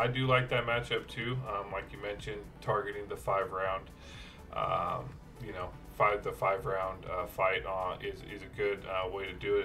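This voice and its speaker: Low flat-voiced man, bright, off-mic. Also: distant mic. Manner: rambling, many fillers and restarts. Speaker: podcast co-host. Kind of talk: casual sports betting chat.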